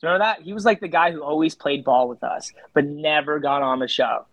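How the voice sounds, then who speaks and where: A man, a street photographer on a podcast, telling lively stories in casual talk and jumping higher in pitch as he retells moments. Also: fairly quick, dry recording, muffled recording. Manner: animated, jumps to high pitch when retelling. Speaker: street photographer and interview guest. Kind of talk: casual storytelling.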